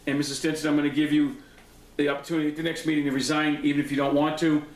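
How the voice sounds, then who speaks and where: Angry man, profane and confrontational, fairly high pitch, echoey home recording. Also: little pitch movement, very fast. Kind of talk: angry personal recap monologue. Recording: echoey room.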